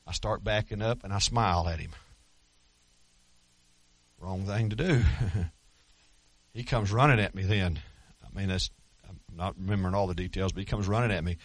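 A man's voice: sits low, brisk. A middle-aged man preaching a sermon as pastor, telling stories earnestly with self-deprecating humor.

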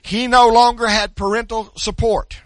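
A man's voice: very high voice, level tone, normal speed, fairly bright tone, dry recording. An older man preaching a sermon, swinging between folksy stories and emphatic preaching. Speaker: pastor.

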